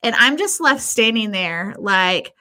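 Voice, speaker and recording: Speaking at a measured pace in a mid-range voice, a podcast co-host relates a story in casual chat. She's animated and profane, acting out the quotes of the people involved.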